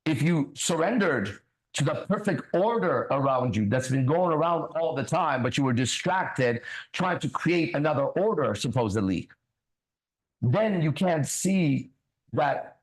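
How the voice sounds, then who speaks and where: Male minister-host, profane, lively delivery, slightly high voice. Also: poor audio. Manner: blunt, profane, rhetorical questions. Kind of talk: preachy casual talk show.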